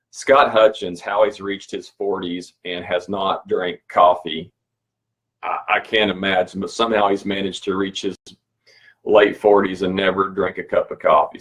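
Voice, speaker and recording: A man's voice: low-pitched, fairly bright tone, breathy edge. A man hosting a weekly cycling update livestream, talking in a casual, rambling, easygoing way and chuckling now and then.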